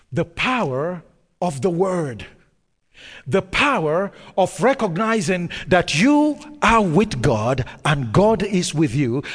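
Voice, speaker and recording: A pastor preaching a sermon, reading scripture aloud and retelling it with dramatic pauses and sudden bursts of emphasis. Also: male voice, on the high side, breathy edge, long reverb tail.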